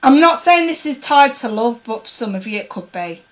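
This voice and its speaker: A woman giving a casual tarot reading to her viewers, blunt and swearing freely, her voice going a bit hoarse. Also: a little high, expressive, moderate pace, rough recording. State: losing her voice, coughing. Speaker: tarot reader.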